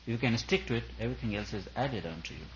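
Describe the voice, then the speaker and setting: This sermon for a retreat crowd comes from a man with a mid-range, expressive voice who talks fast, hammering home repetitive, emphatic lines as a spiritual teacher. A little hiss or hum colors the dull, lo-fi recording.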